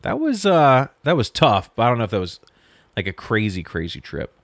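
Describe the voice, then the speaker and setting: A man's voice: medium pitch, huge pitch swings, brisk, vocal fry, dry recording, studio quality. A young man, a podcast co-host, telling a long story in casual chat, quoting people and swearing freely. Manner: storytelling with swearing and quoted dialogue.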